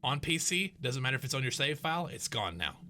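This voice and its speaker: A man's voice: medium pitch, sing-song, quick pace, bright, forceful tone. A man co-hosting a podcast, chatting casually about video games, rambling with restarts and swearing into a home desk mic. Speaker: podcast co-host. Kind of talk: casual gaming chat. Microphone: home desk mic with noise gate.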